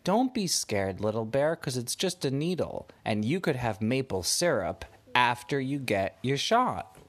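A man's voice: medium pitch, sing-song, a little slow. A man voicing a patient mother bear in a bedtime story, coaxing her cub in a raised, soothing voice.

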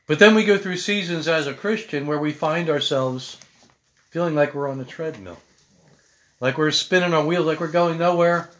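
A man's voice: fairly high pitch, moderate pace, a bit bright. Man preaching in an earnest, conversational way. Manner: reads scripture, then preaches in a conversational, earnest way. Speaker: pastor. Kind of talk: sermon.

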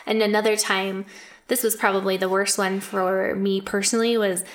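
A woman's voice: mid-range voice, flat delivery, normal speed. A woman co-hosting a podcast, an adoptive mother telling stories about her children in a casual, chatty way, full of filler words. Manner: chatty, many "like" fillers, laughs often. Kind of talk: casual storytelling.

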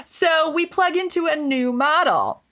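A woman's voice: high-pitched, sing-song, unhurried, a bit bright. A woman in her thirties hosting a solo podcast, talking earnestly and passionately, often repeating phrases for emphasis. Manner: earnest, impassioned, emphatic repetition. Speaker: podcast host and life coach.

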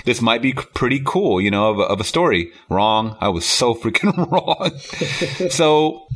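A man's voice: medium pitch, very animated, normal speed, fairly bright tone. A man reviewing a film in casual podcast chat, rambling with lots of fillers and easy laughs.

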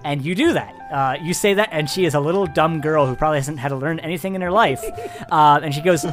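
A game master narrating a tabletop game in a giggly, rambling, animated way. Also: medium pitch, quick pace, soft background music.

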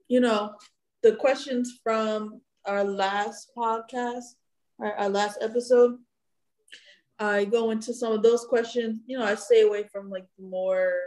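A woman's voice: mid-range voice, a little mellow. A young woman co-hosting a casual podcast, telling a story in a rambling way with frequent laughs. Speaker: podcast co-host. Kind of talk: casual chat.

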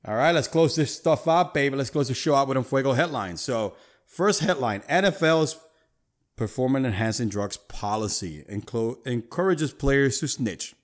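A man's voice: mid-range voice, moderate pace. A man hosting a casual sports talk podcast, emphatic and full of slang. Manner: animated, emphatic, street slang. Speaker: podcast host.

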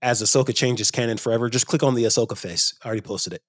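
A man's voice: mid-range voice, very fast, a bit bright, no room sound, studio quality. Opinionated male podcast host. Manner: opinionated, gets heated and emphatic. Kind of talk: casual podcast chat.

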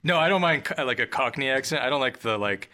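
A man co-hosting a podcast, playful and quick to laugh. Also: mid-range voice, expressive, bright, forceful tone. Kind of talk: casual podcast chat.

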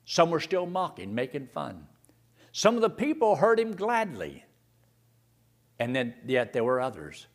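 A male preacher delivering a sermon, firing rhetorical questions and reading scripture slowly, swinging between loud emphasis and hushed tones. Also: a little high, huge pitch swings. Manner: reads scripture slowly and deliberately.

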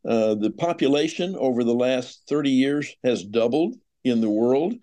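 A man's voice: medium pitch, lively intonation, moderate pace, warm tone. An older man appearing as a podcast guest over a remote call, speaking earnestly about grandparenting and faith. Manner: earnest, exhorting. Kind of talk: earnest ministry talk.

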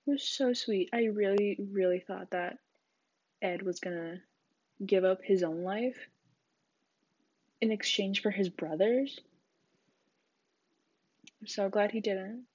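A woman's voice: mid-range voice, fairly even intonation, slow pace, pauses often, a little mellow, breathy edge, no echo. A young woman rambling in a casual solo chat, giggly and full of fillers, on a dull lo-fi recording. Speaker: podcast host.

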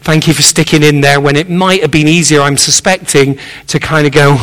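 A man's voice: fairly high pitch, fairly even intonation, brisk, a bit bright. A man preaching as a visiting speaker, earnest and encouraging, repeating his key phrases. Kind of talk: sermon. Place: church sanctuary. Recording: echoey church hall.

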